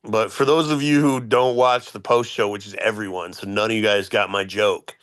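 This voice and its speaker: A man co-hosting a casual wrestling talk show, retelling moments with deadpan humor. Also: on the low side, normal speed, no echo. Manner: storytelling, deadpan jokes. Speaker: wrestling podcast co-host. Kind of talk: casual chat.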